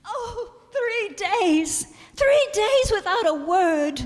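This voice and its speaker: An actress playing a distraught young wife who pleads through tears in an old-time radio drama. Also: female voice, extremely high pitch, expressive, very slow, long reverb tail, full character voice. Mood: tearful. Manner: tearful, pleading, breathless.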